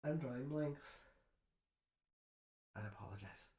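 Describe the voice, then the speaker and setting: A man's voice: a little high, measured pace, dark tone. Chatty man recapping a book, roomy sound. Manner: rambling, many fillers and restarts. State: nervous. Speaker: book reviewer doing makeup. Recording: roomy echo.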